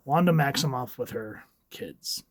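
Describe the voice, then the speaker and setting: A man's voice: medium pitch, animated, unhurried, dry recording. A man casually reviewing a comic book, chatty and a bit rambling as he recaps the pages.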